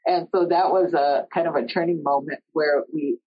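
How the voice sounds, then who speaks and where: A middle-aged woman telling a personal story in an earnest, conversational way, often pausing mid-sentence. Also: sits low, fairly even intonation, slightly rough. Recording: dull lo-fi recording.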